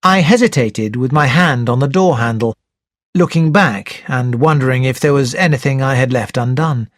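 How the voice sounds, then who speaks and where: A man narrating a mystery novel aloud for English learners, clear and deliberate in his reading. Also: medium pitch, no echo, studio quality.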